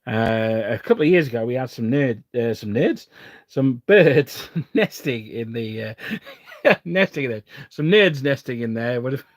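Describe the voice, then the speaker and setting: A man's voice: medium pitch, lively intonation, unhurried, no room sound, studio quality. Rambling English man chatting on a live stream. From England. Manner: rambling, self-interrupting, chuckling often. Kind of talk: casual live stream chat while building models.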